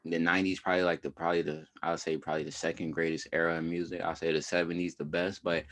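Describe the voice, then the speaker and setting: On a podcast he co-hosts, a young guy talks fast in a low, slightly bright voice with a flat delivery. He keeps things casual with slangy back-and-forth and frequent laughter.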